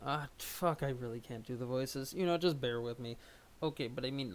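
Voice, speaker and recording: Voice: mid-range voice, normal speed, slight background noise. A young adult streamer rambling at home while reading a webcomic live. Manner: rambling, self-deprecating. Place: at home, under a blanket.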